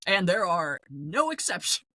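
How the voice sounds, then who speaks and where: A woman's voice: on the low side, sing-song, unhurried, pushed and bright. A woman co-hosting a podcast, recapping with wry, dramatic storytelling. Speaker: podcast co-host. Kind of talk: casual recap chat.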